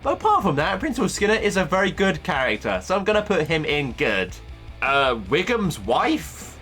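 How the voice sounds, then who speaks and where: A man doing casual tier-list commentary as a YouTuber, offhand and jokey, firing off quick verdicts. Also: sits high, huge pitch swings, pushed and bright, faint music behind. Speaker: YouTuber ranking cartoon characters.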